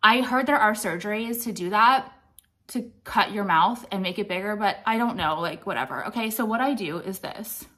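A woman's voice: mid-range voice, moderate pace, sharp tone. Blunt, foul-mouthed woman in her late 30s. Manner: blunt, profane, rambling. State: out of breath. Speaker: beauty vlogger. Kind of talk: casual makeup tutorial chat.

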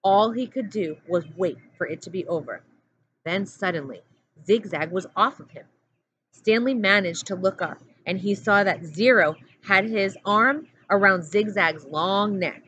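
A woman teacher reading a chapter book aloud in a steady, plain narrating voice. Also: mid-range voice, a little slow. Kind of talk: storybook read-aloud. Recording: dull lo-fi audio with faint hum.

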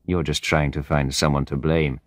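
A man's voice: extremely low pitch, little pitch movement, normal speed, no echo, studio quality. A man voicing a greedy, menacing businessman in an audiobook, speaking in an arrogant, threatening way.

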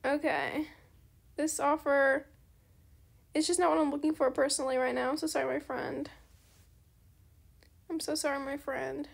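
A woman's voice: sits high, normal speed, creaky, long pauses. A young woman casually chatting while trading in a game, talking to herself and her viewers and apologizing often. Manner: chatty, apologetic, easily excited. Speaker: gaming channel host. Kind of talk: casual gameplay commentary.

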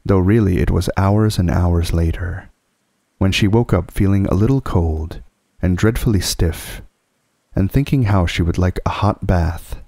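Slow deep-voiced man reading a bedtime story. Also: gravelly, dry recording. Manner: calm, soothing and unhurried.

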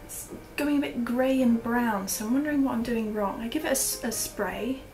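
A bright-voiced young woman from Australia talks through a casual tour of her tiny flat, her accent slipping toward British now and then. She rambles with fillers and giggles. The sound is echoey, with soft music underneath. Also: on the high side, moderate pace. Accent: Australian, drifting British. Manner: chatty, giggly, lots of fillers. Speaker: vlogger. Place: small apartment room. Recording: echoey small room, faint background music.

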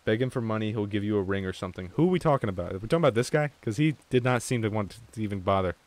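A young man streaming an online game with viewers, chatting casually, swearing freely and getting excited. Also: fairly low pitch, very fast. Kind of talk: casual gaming chat.

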